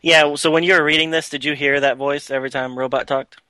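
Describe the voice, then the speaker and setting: A man's voice: a little high, steady tone, quick pace, pushed and bright, no echo. A man co-hosting a casual chat, making dry, wry remarks and steering the conversation along. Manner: dry, wry remarks, keeps the talk moving. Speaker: podcast co-host.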